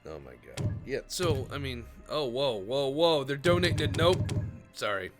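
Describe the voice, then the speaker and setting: A man hosting a casual gaming session, joking around, swearing, and breaking into animated asides. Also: mid-range voice, unhurried, over music. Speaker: host of a gaming show.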